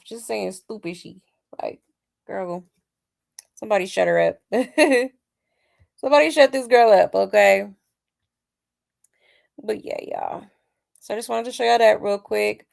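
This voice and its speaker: A woman's voice: on the high side, gravelly. A woman hosting a celebrity gossip livestream, sassy and chatty, talking straight to her viewers while she is losing her voice a little. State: slightly hoarse, losing her voice. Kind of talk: casual celebrity gossip commentary.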